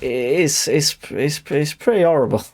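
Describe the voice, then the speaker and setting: A man's voice: fairly high pitch, animated, a little slow, a little mellow. A young adult man, streaming a game and chatting in a rambling, self-deprecating way. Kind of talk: casual chat while gaming.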